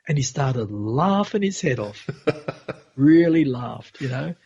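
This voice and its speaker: A man who is a podcast guest, recounting a personal spiritual experience in an earnest, unhurried way on a dull, lo-fi recording. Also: medium pitch, big pitch swings, darkish tone, breathy edge.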